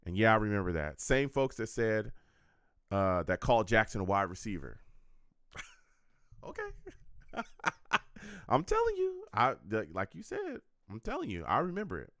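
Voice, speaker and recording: Animated, excitable man reacting live. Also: lowish voice, moderate pace, pauses often, no room sound, clean studio sound. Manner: excitable, laughing, slangy banter. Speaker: sports reaction streamer. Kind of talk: live draft reaction stream.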